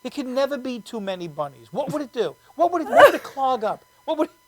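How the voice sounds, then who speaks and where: Animated New woman comic. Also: high voice, quick pace. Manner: animated, rambling, exclaims and laughs often. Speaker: comedian host. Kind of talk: casual comic storytelling.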